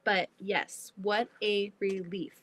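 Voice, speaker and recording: A woman hosting a casual livestream while she sews, chatty and animated, often breaking into exclamations. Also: medium pitch, slow pace. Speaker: livestream host. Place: home sewing room.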